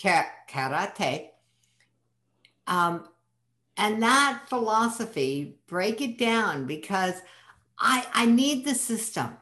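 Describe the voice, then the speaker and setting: Woman host, animated up-and-down delivery, playful interviewer, echoey room. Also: a little high. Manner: playful, quick reactions and questions. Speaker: podcast host. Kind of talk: casual podcast interview.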